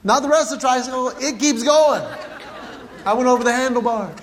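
A middle-aged male stand-up comedian telling stories in a playful, animated way, recorded live before an audience in a large hall. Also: very high voice, fairly quick, a faint crowd. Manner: animated, playful storytelling with acted-out quotes.

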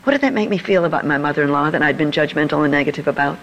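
A woman's voice: low voice, racing, fairly bright tone, highs cut off, a little hiss or hum. An older woman telling a personal story to an audience in a confiding manner. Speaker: speaker. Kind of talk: storytelling talk.

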